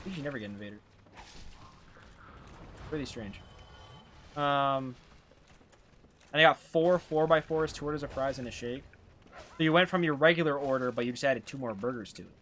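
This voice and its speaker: A man streaming a game live, chatting casually and rambling between quick reactions to the action. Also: medium pitch, fairly bright tone, slight background noise. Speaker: gaming streamer. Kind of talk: casual live gameplay chat.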